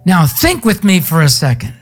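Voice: medium pitch, wildly swooping pitch, moderate pace, soft background music. A pastor giving a sermon in a folksy, conversational storytelling way with casual slang.

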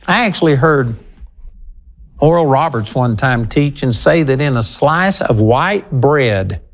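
A man teaching the Bible on his broadcast program. He talks straight to his listeners, and his voice leaps up on key points. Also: mid-range voice. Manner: emphatic, talking straight to listeners.

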